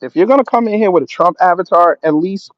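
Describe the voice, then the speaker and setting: A man's voice: sits high, fast, no room sound. A man of Jamaican background hosting a livestream, reading out chat comments and answering them with sarcasm and laughter. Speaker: livestream host. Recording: dull lo-fi stream audio.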